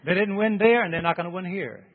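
A man preaching a sermon, calling for amens from the congregation and swinging from emphatic peaks to a quiet prayer. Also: sits high, fast, big-room sound, narrow, tinny audio. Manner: call-and-response, rising to emphatic peaks then praying softly.

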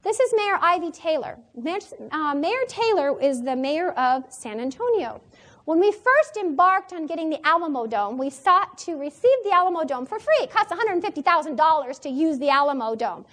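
A woman's voice: high voice, very animated, normal speed, fairly bright tone. A woman giving an emphatic church training talk, repeating key phrases for stress. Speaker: church seminar presenter.

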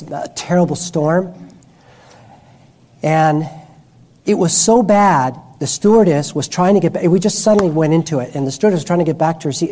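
A man's voice: fairly high pitch, warm tone. A man preaching a sermon who tells personal stories with frequent restarts and self-corrections.

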